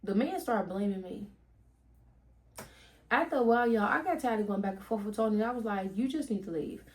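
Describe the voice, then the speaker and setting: A young woman telling an animated storytime to her viewers on a headset mic, swearing freely and calling them "y'all". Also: mid-range voice, fairly quick. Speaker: storytime vlogger. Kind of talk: casual storytime vlog.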